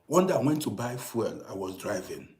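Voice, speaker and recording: A middle-aged man tells a story straight to his listeners in a lively, animated way. His voice has a fairly lively melody, dropping to quiet asides and then rising to loud, emphatic points. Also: mid-range voice, normal speed. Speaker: storyteller host. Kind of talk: casual storytelling monologue. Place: living abroad in Germany.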